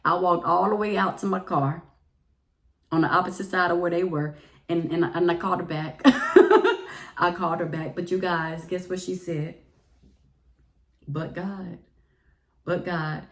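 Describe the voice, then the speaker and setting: A woman who works as a teacher, telling a personal story to the camera in a lively, emotional way. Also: fairly low pitch, fairly quick, roomy sound. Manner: animated, emotional retelling with laughs and quoted voices. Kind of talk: casual storytelling vlog.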